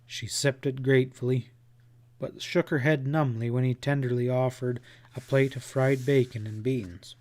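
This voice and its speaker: A man narrating a western novel as an audiobook, reading in a slow, measured way. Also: medium pitch, fairly even intonation, a little mellow. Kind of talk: scripted narration.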